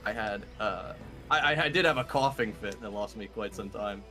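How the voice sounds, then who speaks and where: A man's voice: on the low side, moderate pace, sharp tone, soft background music. A young man speedrunning alongside a friend, chatting in an easygoing, teasing way. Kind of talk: casual chat while gaming.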